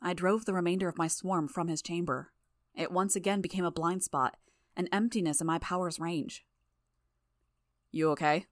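Low-voiced woman narrating an audiobook. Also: steady tone, brisk, dry recording, clean studio sound. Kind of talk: first-person fan audiobook narration.

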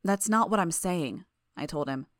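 A woman narrating a first-person fiction audiobook in a steady, even way. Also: lowish voice, moderate pace, no echo, clean studio sound.

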